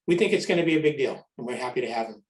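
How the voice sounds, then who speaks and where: A man who co-chairs a convention, talking in an easygoing, measured way on a podcast. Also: medium pitch, animated, echoey room, distant mic. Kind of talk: casual podcast chat.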